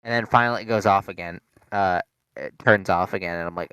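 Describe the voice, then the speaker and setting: A man's voice: lowish voice, lively intonation, fairly quick, bright, forceful tone, clean tone, no room sound. A young man, a podcast co-host, telling a rambling story in casual chat, full of fillers and swearing. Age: young adult.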